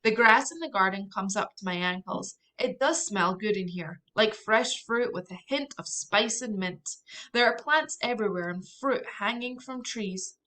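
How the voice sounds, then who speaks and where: A woman narrating a children's chapter book in a lively, expressive way with soft asides. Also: medium pitch, normal speed. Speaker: audiobook reader.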